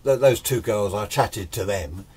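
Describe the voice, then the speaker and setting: A man voicing a young woman in a soft, hesitant way, with a husky tone. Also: fairly low pitch, a little slow. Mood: wistful. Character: young woman, bubbly then downcast.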